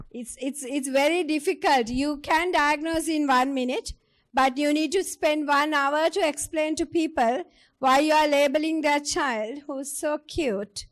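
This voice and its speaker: A woman giving a clinical teaching lecture, explaining step by step and putting questions to her audience. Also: high voice.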